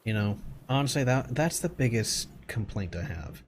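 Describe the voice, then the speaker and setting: A man's voice: mid-range voice, animated, normal speed, faint music behind. A young adult man streaming from home, chatting casually and bluntly while gaming, swearing freely and rambling through his complaints.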